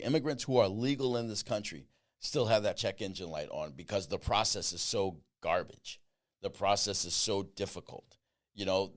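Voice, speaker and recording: Rambling male podcast host, low-ish voice. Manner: rambling, emphatic, thinks aloud with asides. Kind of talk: casual solo podcast monologue.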